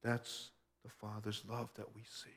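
A man's voice: on the low side, monotone, unhurried, fairly bright tone. Male pastor, earnest sermon delivery, many rhetorical questions, long hall reverb. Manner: earnest, personal storytelling with frequent rhetorical questions.

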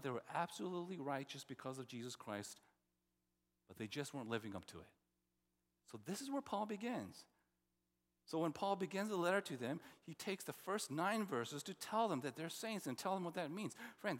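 A man from New Jersey preaching a sermon as pastor, in a conversational style with personal stories and rhetorical questions. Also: a little high. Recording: long reverb of a large hall.

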